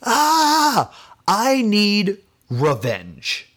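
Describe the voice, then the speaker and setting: A man voicing a vengeful young woman with a gun, calling out in a shrill, drawn-out way. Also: huge pitch swings, fairly bright tone, heavily acted.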